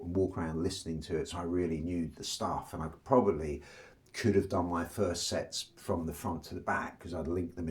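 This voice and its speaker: A man, a stand-up comedian being interviewed, telling long casual anecdotes and acting out bits of dialogue. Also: sits low. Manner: relaxed, rambling anecdotal delivery with acted-out dialogue. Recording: loud guitar music behind the voice.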